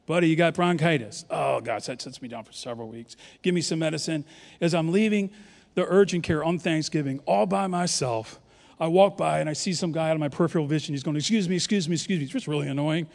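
High-voiced pastor in a reverberant church. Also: male voice, fast talker, creaky. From New York. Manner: animated, joking, leads the crowd in call-and-response. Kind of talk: sermon. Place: large church auditorium. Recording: long hall reverb from a large church.

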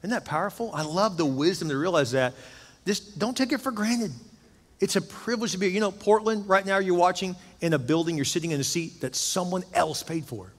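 A man's voice: high voice, a little fast. A pastor in his fifties preaching a sermon in a church sanctuary, emphatic and full of storytelling. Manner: emphatic preaching, storytelling with rising and falling intensity. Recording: long hall reverb.

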